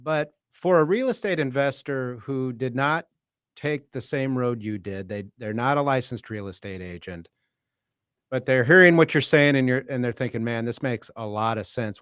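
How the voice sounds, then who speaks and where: Steady male podcast host asking questions. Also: medium pitch, clean tone, no echo, studio quality. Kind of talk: interview questions.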